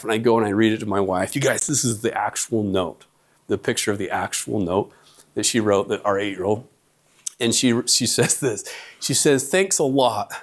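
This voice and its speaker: A middle-aged man telling funny stories from the lecture stage. He speaks in an ordinary mid-range voice and swings up high whenever he acts out the voices of his kids and his wife. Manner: animated storyteller, acts out family quotes. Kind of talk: humorous public lecture. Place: lecture hall.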